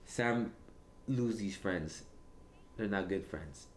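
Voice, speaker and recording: A man's voice: lowish voice, takes it slowly. A man directing a casual film commentary, chatty and laughing often. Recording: echoey room with faint noise.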